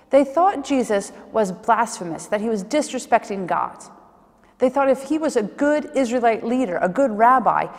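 A woman giving a sermon, telling Bible stories vividly and acting out the questions people asked. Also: on the high side. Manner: vivid storytelling, acts out questions and scenes. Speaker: preacher. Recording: reverberant church hall.

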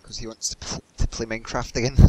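A man's voice: medium pitch, flat delivery, fast, dark tone. A man chatting and joking while playing a video game with a friend. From Scotland. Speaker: gamer. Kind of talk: casual let's-play chat.

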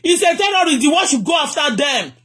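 A man's voice: very high-pitched, very animated, a little fast, bright, forceful tone. A Nigerian man, a native Yoruba speaker, venting angrily in a live rant, repeating himself and switching between English and Yoruba. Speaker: vlogger.

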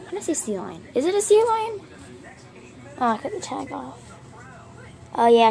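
A girl showing her toy collection in a casual vlog from her bedroom, chatty and gushing, rambling with fillers. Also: medium pitch. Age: child. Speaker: vlogger showing her plush toys. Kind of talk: casual show-and-tell vlog.

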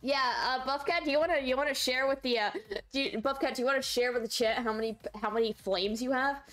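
Soft music plays behind a high-voiced woman streamer who talks casually with her audience during a game livestream. She rambles, gets excited, and is quick to shriek and laugh.

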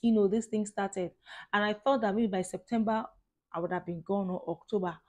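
A woman's voice: mid-range voice, steady tone, a little fast, a little mellow. A woman in her thirties from Nigeria with a Nigerian accent, talking casually and effusively to her vlog viewers. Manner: chatty and effusive, with frequent "like" and "guys". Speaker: vlogger.

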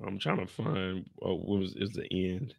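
A young man from the Bay Area hosting a casual TV recap, talking in an animated, profane way. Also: sits low, moderate pace, gravelly. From San Francisco Bay Area. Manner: animated, profane, acts out scenes with shouted put-on lines. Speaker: recap show host.

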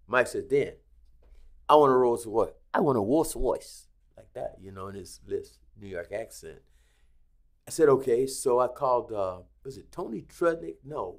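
A man telling a story as a guest in a podcast interview, acting out the lines of the people in it. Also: on the low side. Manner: animated storyteller acting out quoted dialogue. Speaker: guest, casino executive. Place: Las Vegas.

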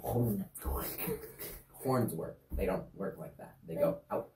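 A woman's voice: very deep voice, slow, noisy background. A woman casually demonstrating sign language signs for a kids' lesson, chatty and easygoing with offhand asides. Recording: echoey room, distant mic.

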